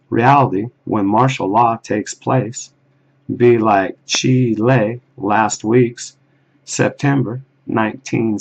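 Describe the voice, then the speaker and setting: Low-voiced man, slow and gravelly, rambling solo monologue in a halting mutter, muffled lo-fi sound. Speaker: video blogger.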